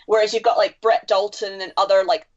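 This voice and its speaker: A woman's voice: mid-range voice, fairly even intonation, a little fast. A woman co-hosting a podcast, telling stories in a chatty way and swearing freely. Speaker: podcast co-host. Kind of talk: casual podcast chat. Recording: dull lo-fi sound.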